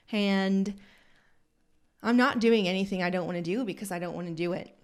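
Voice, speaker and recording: A woman who owns a hair salon, hosting a podcast and telling a rambling, animated, self-deprecating story from inside her salon. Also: mid-range voice, moderate pace. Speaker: salon owner and podcast host. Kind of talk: casual storytelling monologue.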